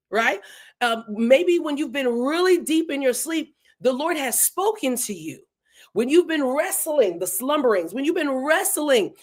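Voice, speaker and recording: A woman teaching a verse-by-verse Bible study in a casual, animated way, acting out the lines of the people in the passage. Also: sits high. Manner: casual, animated, acts out dialogue between speakers.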